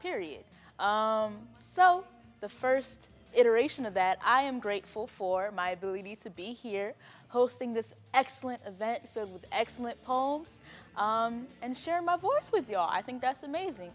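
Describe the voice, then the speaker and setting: A woman's voice: fairly high pitch, lively intonation, normal speed, big-room sound. A woman hosting an online poetry event in a chatty, casual way, with laughing asides and fillers. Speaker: host. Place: home, on a video call.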